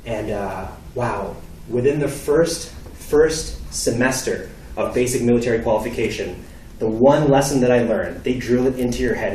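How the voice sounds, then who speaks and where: A young man from Canada giving a storytelling talk, acting out dialogue with lively delivery. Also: mid-range voice, moderate pace, a little hiss or hum. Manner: animated, acts out dialogue. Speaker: speaker. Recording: echoey hall from far off.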